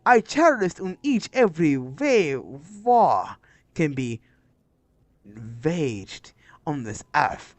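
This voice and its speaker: A man reads out a zealous military commander from a manga, savoring every line. The voice sits a little high and the sound is close and dry. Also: sing-song, extremely slow, no echo, full character voice. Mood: fervent. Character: fanatical male army commander, war-loving.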